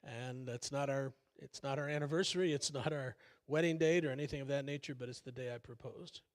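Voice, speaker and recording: A man's voice: mid-range voice, fairly quick. An older man preaching a sermon as pastor, folksy and conversational, with many fillers and self-deprecating asides. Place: church sanctuary.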